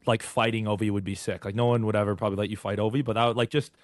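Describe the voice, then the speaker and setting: A man hosting a casual podcast, chatty, with quick restarts. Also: fairly low pitch, steady tone, dry recording. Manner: rapid, chatty, trailing restarts. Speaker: podcast host.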